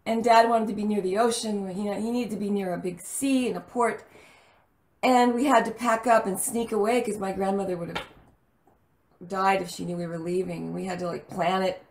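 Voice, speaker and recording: A woman from El Paso telling stories about her childhood in a casual interview, chatty and animated. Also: mid-range voice, normal speed, reverberant. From El Paso, Texas. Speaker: actress guest.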